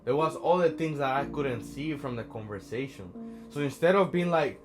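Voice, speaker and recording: A man's voice: mid-range voice, moderate pace. Casual man telling a story over music. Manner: conversational, often adds "right?". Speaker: social anxiety coach. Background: background music.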